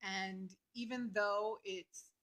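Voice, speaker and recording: A woman vlogger talking earnestly and openly about her feelings, with many fillers and pauses. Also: mid-range voice, fairly even intonation, a bit bright, low-quality recording. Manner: earnest, heartfelt, talks through emotion with many fillers. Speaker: astrology vlogger. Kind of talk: personal reflective talk to camera.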